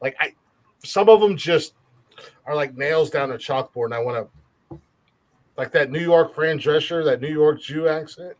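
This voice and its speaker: A man's voice: fairly high pitch, normal speed, long pauses. A man hosting a podcast in casual chat, joking, rambling and swearing a lot. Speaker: podcast host.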